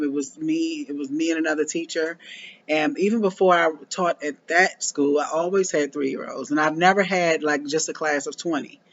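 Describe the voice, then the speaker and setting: A woman in her forties, a former preschool teacher, chatting casually to camera with a loose, laughing manner and many ums and restarts. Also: deep voice. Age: 40s. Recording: muffled lo-fi audio.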